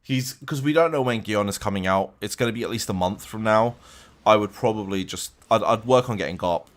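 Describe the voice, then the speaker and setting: A man's voice: lowish voice, brisk. A young man chatting casually on a live stream from his room at home, answering viewers' questions with frequent restarts. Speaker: game streamer.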